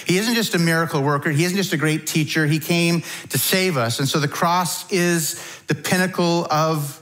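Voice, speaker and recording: A middle-aged man preaching a sermon to his church in a relaxed, conversational way, with frequent fillers. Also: on the high side, moderate pace, rough recording. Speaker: pastor.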